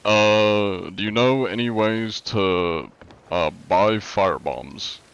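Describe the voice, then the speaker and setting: A man's voice: lowish voice, slow, gravelly, smooth, muffled recording. A young man streaming live, chatting casually and answering chat with a laid-back, rambling manner, his nose congested from allergies.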